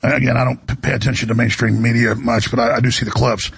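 A man's voice: mid-range voice, flat delivery, quick pace. A man hosting a talk radio show, delivering a rambling, indignant monologue full of restarts. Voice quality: gravelly, raspy.

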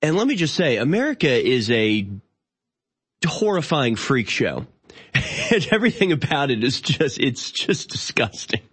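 A man's voice: mid-range voice, big pitch swings, fairly bright tone, husky. Exasperated man ranting on a talk show. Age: 30s. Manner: exasperated, incredulous ranting with sardonic asides; halting, with frequent restarts and fillers. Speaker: show host. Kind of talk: opinionated monologue.

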